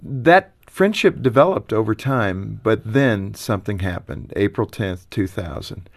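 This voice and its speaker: A man hosting an interview, gently prompting his guest with hesitant fillers between questions. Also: lowish voice, lively intonation, a little slow. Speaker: interviewer host.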